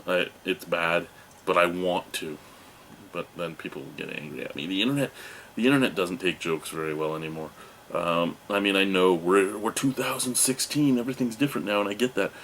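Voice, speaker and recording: Low-voiced rambling beer-review host. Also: male voice, a little fast, fairly bright tone, a little hiss or hum. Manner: rambling, jokey and self-mocking. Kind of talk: casual video review. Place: home room with cartoon toys behind him.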